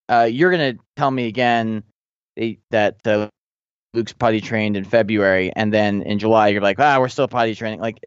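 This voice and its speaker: A man's voice: lowish voice, clear, resonant tone, no room sound, muffled recording. A man in his thirties, a podcast co-host, chatting casually and telling rambling parenting stories with many restarts. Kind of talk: casual chat.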